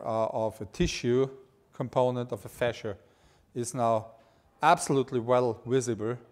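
Enthusiastic Styrian-accented male lecturer. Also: mid-range voice. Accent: Styrian Austrian. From Austria. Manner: enthusiastic, informal, joking. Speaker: anatomy lecturer. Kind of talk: live lecture.

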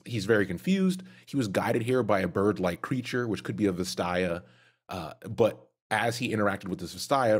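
A man's voice: on the low side, husky. A man co-hosting a casual podcast, agreeably recapping a story. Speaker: podcast co-host. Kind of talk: casual lore discussion.

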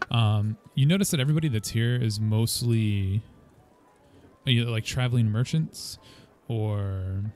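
Man, game master, tabletop narration, relaxed, mid-range voice. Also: mid-range voice. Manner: relaxed, filler-heavy narration.

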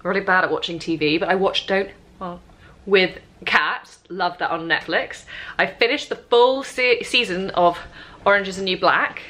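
A woman's voice: mid-range voice, moderate pace, a bit bright. Chatty young woman vlogging casually. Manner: chatty, talks to her puppy. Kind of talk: casual vlog chat.

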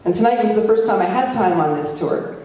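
A middle-aged woman telling her story at a community talk, with a dark, mellow tone. She acts out each exchange by changing her pitch. The sound comes from a mic set well back in a very echoey hall. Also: expressive, brisk, far from the mic. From Alberta, Canada. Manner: storytelling, acting out dialogue with shifts in pitch. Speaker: guest speaker warning communities. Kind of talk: public talk with slides.

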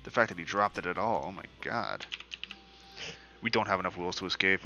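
A man with a low, gravelly voice talks through a video game in casual, profane commentary and swings between mumbling and loud trash talk. Music plays clearly behind him. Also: a little fast, long pauses. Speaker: gaming commentator.

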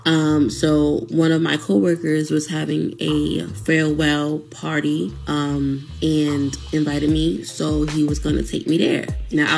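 A woman calmly recounting a painful breakup in casual storytelling, wryly quoting both sides of the dialogue. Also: low voice, vocal fry. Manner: calm, wry, quotes dialogue.

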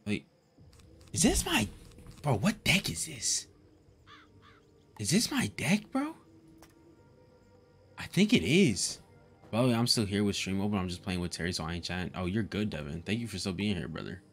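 A young man live-streaming a game, chatting casually, swearing and laughing often in an excitable way. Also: fairly low pitch, normal speed, pauses often, soft background music.

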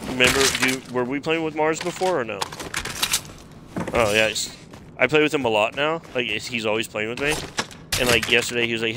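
A young man streams a shooter game and talks loosely, swearing freely and breaking into laughs as he tells stories to a teammate. His voice sits at an ordinary middle pitch. A heavy wash of noise sits under everything he says. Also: brisk. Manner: profane, laughing storyteller. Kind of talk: casual gaming chat. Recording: loud background noise.

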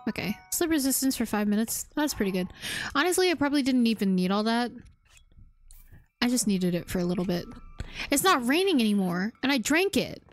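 A woman streaming a video game, chatting casually and poking fun at herself as she thinks out loud. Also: fairly high pitch. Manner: chatty, self-deprecating, thinking aloud. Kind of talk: casual gameplay commentary.

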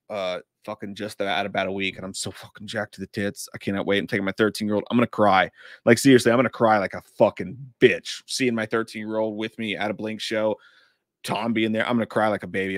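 Reading viewer messages on a live stream, a man aged thirty to forty-something chats loosely in a lowish voice, cracking jokes and cursing as he rambles. The recording is dry, with clean studio sound.

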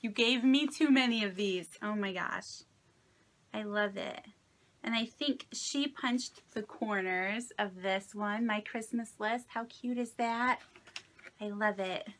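Speaking at a medium pitch and a slow pace, this Indiana woman has a fairly bright tone, with a little hiss or hum on the recording. She's a craft vlogger doing a casual unboxing vlog, gushing and sentimental, full of delighted exclamations, though she sounds slightly sick and shaky.

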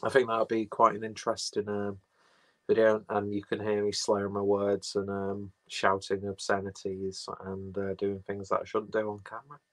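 A man's voice: fairly low pitch, monotone, normal speed, fairly bright tone. A man chatting casually and rambling on a livestream, swearing and mocking himself as he goes. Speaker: livestream host. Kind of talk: casual chat, reading viewer comments.

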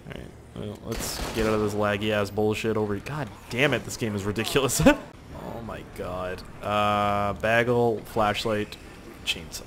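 A young man giving let's play commentary, excitable and profane, yelling at the game. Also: medium pitch, background noise. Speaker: gaming youtuber.

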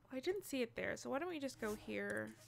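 A woman's voice: fairly high pitch, expressive, a little fast, gravelly, a little hiss or hum. Frustrated swearing woman gamer. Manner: frustrated, swearing, self-mocking. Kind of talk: casual gameplay commentary.

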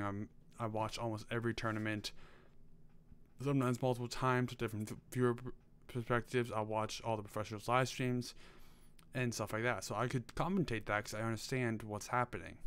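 A man's voice: on the low side, a bit bright, clean tone. A young man giving casual, loose advice on gaming commentary, with lots of fillers and offhand swearing. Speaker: gaming video creator. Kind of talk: casual advice talk to camera.

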